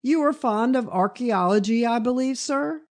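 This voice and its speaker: A woman's voice: a little high, normal speed, a little mellow, pitched above the performer's own voice, lightly acted. A woman reading aloud and voicing a courteous young male barrister. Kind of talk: audiobook character voice.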